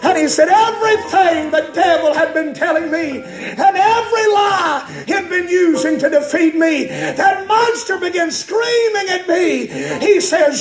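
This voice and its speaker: A man preaching a sermon in a church, impassioned and building to shouts. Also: very high voice, animated, a little slow, hardly any pauses. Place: church sanctuary. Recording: echoey church with loud music.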